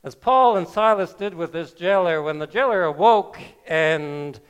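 Man, pastor, sermon, unhurried storytelling, wry asides, smooth clear tone. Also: high-pitched.

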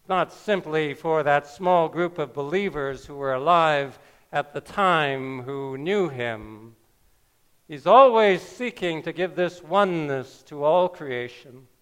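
Unhurried pastor with a smooth voice. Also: male voice, fairly high pitch, fairly bright tone. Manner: unhurried storytelling with wry asides. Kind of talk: sermon.

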